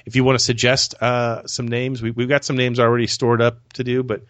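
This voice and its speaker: A man's voice: medium pitch, completely flat delivery, brisk, dry recording. A man hosting a casual podcast chat. He rambles and repeats words as he starts his sentences. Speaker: podcast host.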